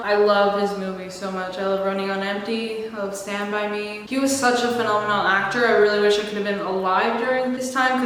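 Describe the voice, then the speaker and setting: A woman's voice: a little high, fairly bright tone, slight background noise. Giggly young woman in an echoey room. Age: 20s. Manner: giggly, chatty, self-deprecating. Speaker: YouTuber answering viewer questions. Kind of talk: casual Q&A chat. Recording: very echoey room, distant mic.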